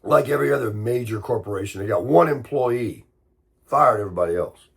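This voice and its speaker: An American man, sick and congested with a hoarse voice, telling a rambling, grumbling story in a casual morning chat. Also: mid-range voice, animated, a little fast. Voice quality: husky. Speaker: vlogger.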